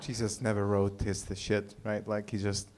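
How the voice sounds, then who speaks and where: A man from the Middle East doing a stand-up set at a small open mic, halting and dry, full of filler words. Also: fairly low pitch, monotone, crowd noise. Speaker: stand-up comedian. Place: small live comedy venue.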